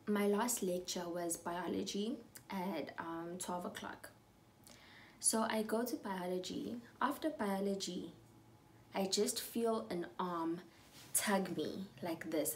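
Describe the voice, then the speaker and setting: A woman's voice: medium pitch, slight background noise. Chatty young woman vlogger. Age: young adult. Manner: animated, chatty, drops into whispers. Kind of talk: storytime chat while getting ready.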